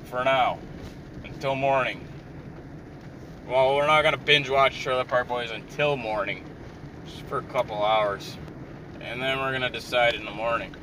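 A man's voice: mid-range voice, fairly even intonation, normal speed. A man ranting in a frustrated, profane and rambling way while driving and parking his car. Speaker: vlogger. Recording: distant mic with clear car road noise.

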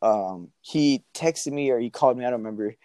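A man's voice: medium pitch, brisk, mellow, no room sound, clean studio sound. A young man telling a story in a casual, slangy way and laughing often. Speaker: guest.

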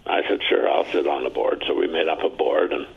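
Older man guest in his seventies from Ontario, Canada, spinning chatty anecdotes; husky voice over a tinny line. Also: fairly even intonation, fairly quick. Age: 70s. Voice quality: very deep, gravelly and husky. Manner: chatty anecdotal storyteller, acting out quoted voices. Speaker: interview guest. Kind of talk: storytelling interview.

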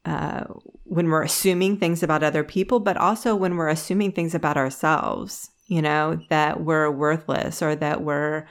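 A woman with a slightly low voice co-hosts a casual podcast chat. She tells stories at length and slips into lively quoted voices, often restarting her sentences. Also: moderate pace. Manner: storytelling, animated when quoting others; frequent restarts and laughs. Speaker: podcast co-host.

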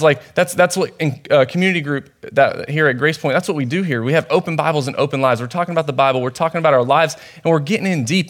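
A man's voice: a little high, a bit bright. A young man, a youth pastor, preaching a casual, conversational sermon in a church, telling stories with many fillers and restarts.

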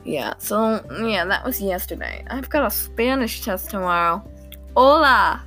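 A woman's voice: medium pitch, lively intonation, normal speed, fairly bright tone, faint music behind. A teenage girl hosting a podcast, talking through her day in a rambling, self-deprecating way with frequent nervous giggles. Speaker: podcast host. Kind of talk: casual diary-style monologue.

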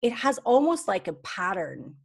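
A woman in casual conversation as a guest, talking in a lively way and often restarting her sentences. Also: mid-range voice, moderate pace.

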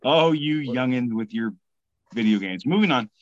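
A man's voice: medium pitch, no room sound. Man joking casually, dull dry sound. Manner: relaxed joking, halting with fillers. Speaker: podcast co-host. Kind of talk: casual chat.

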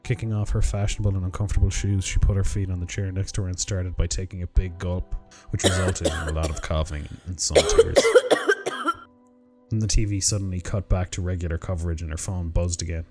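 A man narrating a short story in a measured, even storytelling delivery. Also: sits low. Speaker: narrator reading short stories. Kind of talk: scripted story reading. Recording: music bed under the voice. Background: music.

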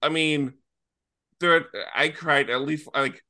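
A man co-hosting a casual film review podcast, talking excitedly and swearing freely. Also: a little high, takes it slowly. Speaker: podcast co-host.

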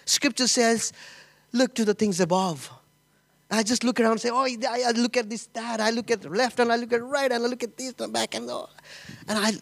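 High-pitched male pastor preaching with emotional, stumbling storytelling. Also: gravelly. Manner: emotional, laughing, animated storytelling with repetitions. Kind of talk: sermon.

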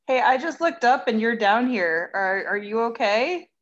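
A woman's voice: fairly high pitch, lively intonation, moderate pace. A woman co-hosting a podcast in casual chat, with wry, self-deprecating humor. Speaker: podcast co-host. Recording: slightly dull lo-fi sound.

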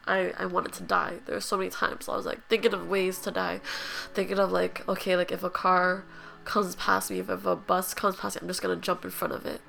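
A woman's voice: mid-range voice, creaky, bright, forceful tone. A young woman hosting a podcast, telling her own story in a raw, emotional, blunt way, full of "like" fillers. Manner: blunt, with casual swearing. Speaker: podcast host. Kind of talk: candid personal storytelling.

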